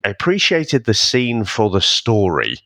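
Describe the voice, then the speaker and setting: A man's voice: lowish voice, huge pitch swings, a little slow, a bit bright, no room sound. A man co-hosting a podcast, chatting casually about films with laughs and mild swearing. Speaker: podcast co-host. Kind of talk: casual film chat.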